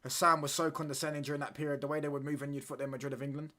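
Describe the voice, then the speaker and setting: A man hosting a live football watchalong, talking in excitable, slangy banter and reacting to the play as it happens. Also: on the high side, very fast. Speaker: watchalong streamer.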